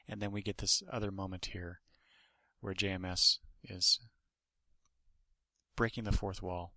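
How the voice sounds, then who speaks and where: A man's voice: low-pitched, little pitch movement, measured pace, pauses often, pushed and bright, no echo. A man hosting a podcast, casually reviewing a comic book in a rambling way, with many restarts and asides.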